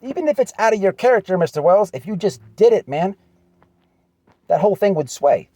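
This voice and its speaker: A man with a drawl speaks straight to one person in an earnest, repetitive way, circling back to the same points. His voice sits high for a man, and the sound is dry and close with no room around it. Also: lively intonation, brisk, warm tone, no room sound. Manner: earnest, repetitive, calls listener "man" often. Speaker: channel host. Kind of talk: direct address video message.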